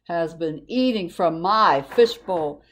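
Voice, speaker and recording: A woman voicing an indignant father in a picture book read-aloud, speaking loudly and emphatically. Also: fairly low pitch, expressive, slow, a little hiss or hum, pitched below the performer's own voice. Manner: loud, emphatic.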